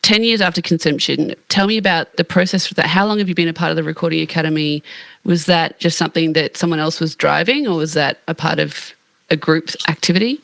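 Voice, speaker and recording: A woman's voice: low voice, quick pace, gravelly, a bit bright, no echo. A woman hosting a podcast, asking chatty questions in a casual interview. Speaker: podcast host.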